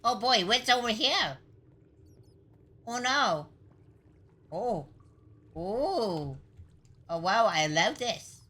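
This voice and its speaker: A young woman streams a game, talking to herself and her chat in a playful, mock-dramatic way with sudden exclamations. Her voice is a little high, sharp, and very animated, with drawn-out words and long pauses.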